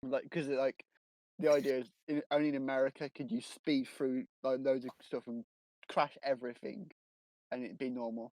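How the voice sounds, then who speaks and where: A man's voice: mid-range voice, flat delivery, moderate pace, darkish tone, no room sound, low-quality recording. A man co-hosting a casual podcast, chiming in with joking, sarcastic asides. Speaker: podcast co-host. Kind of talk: casual chat.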